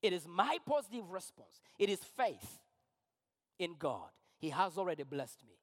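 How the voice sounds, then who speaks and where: A man's voice: sits high, sing-song, normal speed. A man preaching a sermon as pastor, emphatic and repetitive, with rising fervor. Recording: long hall reverb.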